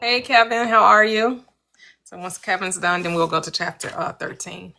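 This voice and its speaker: A woman's voice: medium pitch, moderate pace, gravelly, bright, forceful tone. A woman hosting an online group call, giving short affirmations and passing the floor to the next speaker. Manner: short affirmations, light laughter. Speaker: host. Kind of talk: brief responses while moderating a group call.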